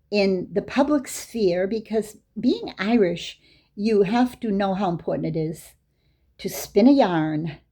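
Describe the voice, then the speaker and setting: Older woman, storytelling lecture, anecdotal, warm mellow tone, slightly husky. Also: mid-range voice. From Boston area, USA. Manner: anecdotal, acts out dialogue with her own voice. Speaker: Islamic lecturer.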